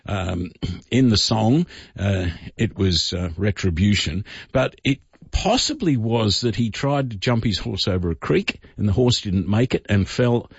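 A man tells history in an unhurried, rambling way on radio. His voice is a little husky, and the sound is dry and somewhat dull. He keeps stopping to restart his sentences. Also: lowish voice, animated, dry recording. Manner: rambling, many fillers and restarts. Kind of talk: casual radio storytelling.

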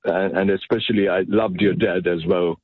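A man's voice: low voice, steady tone, slightly rough, dry recording. Hesitant male caller on a phone line. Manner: hesitant, halting.

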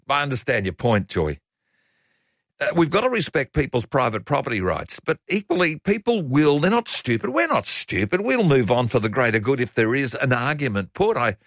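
A man's voice: a little high, a bit bright, no room sound, clean studio sound. An older Australian man hosting talkback radio, chatty and opinionated, reading out listener messages.

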